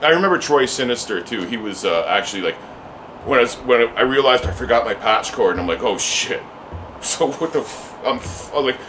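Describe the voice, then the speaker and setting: A man's voice: on the low side, noisy background. A man, a musician telling a story in an interview, rambling with many restarts and casual swearing. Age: 40s.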